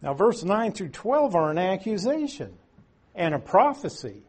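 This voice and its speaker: A man's voice: high-pitched, very animated, measured pace, breathy edge. A man teaching through Bible verses in a conversational way, with folksy asides and strong emphasis on key words.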